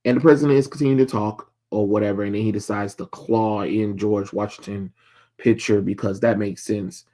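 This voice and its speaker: A man's voice: on the low side, fairly even intonation, brisk, dark tone. A man casually recapping a comic book issue, rambling with lots of ums and blunt, sarcastic asides. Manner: rambling, many filler ums.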